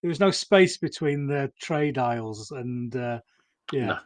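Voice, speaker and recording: A man's voice: medium pitch, lively intonation, measured pace, no room sound. A man with a Yorkshire accent hosting a podcast, chatting casually and backing up his guest with short replies. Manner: brief backchannels, laughs along, short anecdote. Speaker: podcast host. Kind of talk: casual chat.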